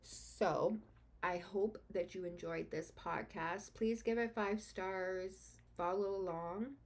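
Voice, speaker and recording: A woman's voice: medium pitch, slow. A woman hosting a true-crime podcast, telling the story casually and bluntly, swearing freely and getting openly indignant. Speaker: podcast host.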